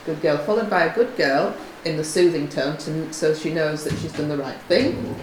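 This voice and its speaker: A woman's voice: low voice, animated, moderate pace, few pauses, echoey room, recorded from a distance, slight background noise, rough recording. A woman training her young horse, calling short praise and commands and explaining to the camera. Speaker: horse owner and vlogger. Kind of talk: casual training commentary. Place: stable yard with a horse.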